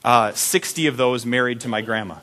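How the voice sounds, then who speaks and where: A man's voice: mid-range voice, a little fast, bright, forceful tone. A young man preaching a sermon, telling a personal story in a conversational, heartfelt way.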